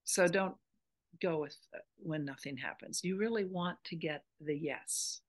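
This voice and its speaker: A woman's voice: sits low, unhurried. A woman spiritual teacher in an interview, earnestly explaining a meditation practice step by step.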